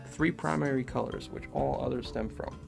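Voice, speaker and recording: Over music, a man with a gravelly, mid-range voice gives a loose, rambling lecture at normal speed. He speaks conversationally and drifts around his topic, using plenty of fillers, like an esoteric lecturer.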